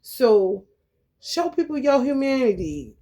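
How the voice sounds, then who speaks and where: A woman's voice: high voice, very animated, slow pace, mellow. A woman hosting a spiritual channel, talking in a blunt, profane, streetwise way as she reads scripture aloud and riffs on it in a casual monologue.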